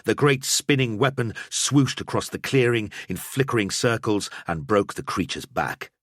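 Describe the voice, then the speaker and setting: A man reads an audiobook with a fairly low but bright, forceful voice, giving a battle scene a dramatic telling. His pitch moves a great deal from line to line. The recording is dry and close. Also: animated, moderate pace, dry recording. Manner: dramatic storytelling. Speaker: audiobook narrator. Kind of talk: scripted narration.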